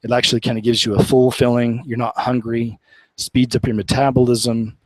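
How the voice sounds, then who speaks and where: A man's voice: medium pitch, level tone, moderate pace, no room sound, poor audio. A man from Oklahoma, hosting a live show in a casual, rambling, earnest way and laughing often. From Oklahoma, USA. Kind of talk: casual live-stream chat.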